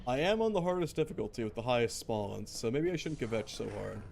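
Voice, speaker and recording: A man's voice: mid-range voice, big pitch swings, fairly quick, vocal fry, a little mellow, a little hiss or hum. A young man streaming a game, giving wry, joking commentary and mock-grand commands. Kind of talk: casual gameplay commentary.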